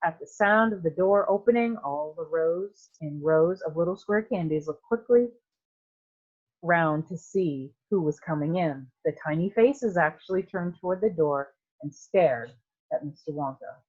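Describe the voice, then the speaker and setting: A woman teacher reading a novel aloud to her students in a clear, steady storytelling manner. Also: fairly low pitch, measured pace, highs cut off.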